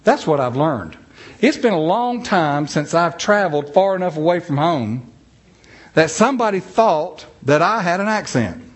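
A man's voice: fairly high pitch, big pitch swings, normal speed. A middle-aged man with a North Carolina Southern accent, telling funny stories in a folksy, self-deprecating talk. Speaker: speaker giving a talk. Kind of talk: humorous storytelling talk.

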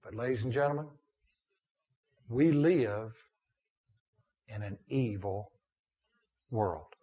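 Male preacher, sermon delivery, emphatic to hushed, middle pitch. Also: slow. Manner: preaching with rising and falling intensity, dropping to a hushed prayer. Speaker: pastor.

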